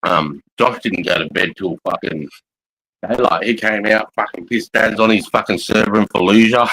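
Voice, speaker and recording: A man's voice: lowish voice, unhurried, vocal fry, sharp tone, slight background noise, poor audio. An Australian man chatting casually, laid-back and swearing freely as he talks. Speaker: podcast co-host. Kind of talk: casual chat.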